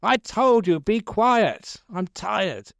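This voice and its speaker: A man's voice: mid-range voice, measured pace, clear, resonant tone, no room sound, studio quality, close to an everyday voice. A man voicing a tired, short-tempered father who snaps at his young son. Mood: grumpy, snapping. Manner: snapping, irritable.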